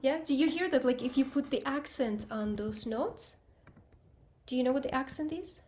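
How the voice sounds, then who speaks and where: A woman's voice: sits high, normal speed. A woman teaching piano, giving students encouraging feedback and singing out rhythms to show how passages go. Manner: encouraging, sings out rhythms to demonstrate. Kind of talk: online group piano lesson feedback.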